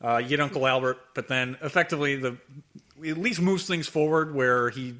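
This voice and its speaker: A man's voice: medium pitch, a little fast, pushed and bright. A man co-hosting a podcast, casually summarizing a movie's plot in loose, run-on sentences. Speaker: podcast co-host. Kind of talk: casual film discussion.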